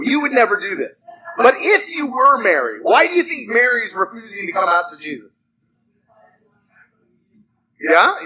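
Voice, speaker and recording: A man preaching a sermon, chatty and animated, asking his listeners questions and moving between loud dramatic reading and soft asides. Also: high-pitched, husky, low-quality recording. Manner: animated, conversational, asks the congregation questions.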